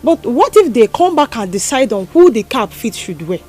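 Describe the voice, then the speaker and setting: Woman as a Nigerian village gossip, slightly high and animated, scornful. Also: moderate pace, faint music behind. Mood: gossipy.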